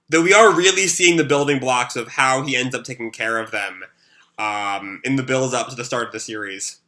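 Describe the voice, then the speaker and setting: Bright-voiced man recapping a manga. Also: medium pitch, animated, normal speed. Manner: rambling, with many fillers. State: sore throat. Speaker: manga reaction host. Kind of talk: live reaction and recap.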